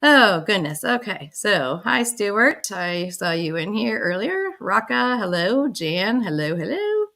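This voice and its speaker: A middle-aged woman hosting a casual livestream, chatty and warm with her viewers, greeting them by name and laughing often. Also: mid-range voice, big pitch swings, slow pace, gravelly, hardly any pauses. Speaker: livestream host.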